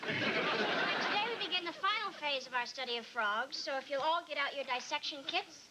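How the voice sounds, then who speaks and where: A strict science teacher. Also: female voice, high voice, animated, a loud crowd. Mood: brisk. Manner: brisk, bossy. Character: strict adult female science teacher, short-tempered. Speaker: biology teacher. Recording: noisy VHS tape of a TV broadcast.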